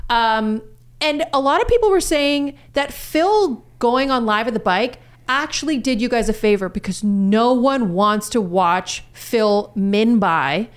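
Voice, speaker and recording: A woman's voice: a little high, clear, resonant tone. A woman co-hosting a podcast in casual chat, teasing and stating opinions with confidence. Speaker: podcast co-host.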